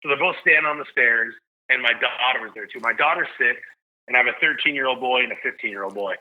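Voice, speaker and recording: A man in his thirties, a podcast guest, telling an emotional story and getting loud as he relives the big moments. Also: medium pitch, fast. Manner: animated, shouts when reliving big moments. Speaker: guest, stadium PA announcer. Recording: slightly dull lo-fi sound.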